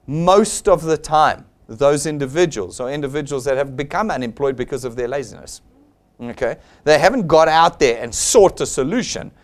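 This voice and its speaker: A man's voice: a little high, expressive, normal speed. A man with a South African accent giving a blunt, persuasive motivational sales seminar, acting out the people he quotes. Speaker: seminar presenter.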